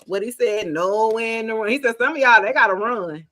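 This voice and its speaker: A woman, giving a casual live tarot reading in a chatty, animated, slangy way, talking straight to her viewers. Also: a little high, normal speed, slight background noise. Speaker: tarot reader.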